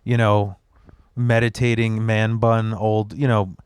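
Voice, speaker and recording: A man's voice: lowish voice, little pitch movement, slow, a little hiss or hum. A man, a standup comedian, telling long, profane stories as a guest on a podcast. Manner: profane, rambling anecdotes. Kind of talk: casual podcast storytelling.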